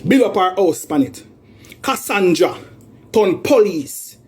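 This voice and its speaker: High-voiced Jamaican man ranting. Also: lively intonation, takes it slowly, slight background noise. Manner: aggrieved, accusing, repetitive. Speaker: man airing a family dispute. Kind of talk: heated spoken rant in patois.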